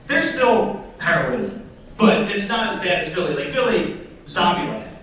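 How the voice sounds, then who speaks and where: A man's voice: high-pitched, big pitch swings, a little slow, fairly bright tone. A young man doing stand-up comedy, telling stories in a casual, rambling way. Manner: casual, storytelling, filler-heavy. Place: theatre stage. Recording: echoey theatre, voice from a distance.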